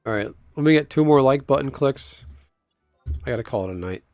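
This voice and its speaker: A man's voice: medium pitch, lively intonation, a little fast, darkish tone, no echo, studio quality, soft background music. A man chatting casually on a livestream, rambling and answering viewers' chat aloud. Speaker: live streamer.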